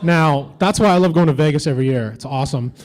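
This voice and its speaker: A man's voice: a little high, fast, darkish tone, rough recording. A man doing a stand-up comedy set on a convention stage, with edgy, teasing banter toward the crowd.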